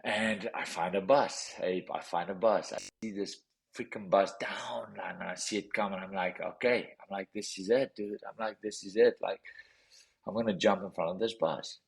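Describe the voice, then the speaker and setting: A man's voice: deep voice, steady tone, moderate pace, vocal fry, rough recording. A man with a South African accent, a podcast guest telling a personal story with intensity, often repeating phrases. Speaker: podcast guest, professional boxer.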